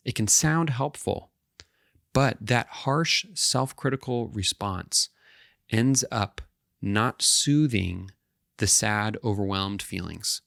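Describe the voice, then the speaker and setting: Low gravelly male counselor explaining. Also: takes it slowly, fairly bright tone, dry recording, clean studio sound. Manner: explanatory, often checks in with "right?" and "okay". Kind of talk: educational talk to camera.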